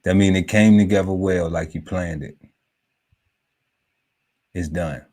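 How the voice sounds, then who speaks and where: A man with a very low, unhurried, drawn-out voice reads a list of words aloud on a relaxed podcast panel. His slow, musing reading is broken by laughter and asides as he pauses to ponder the words.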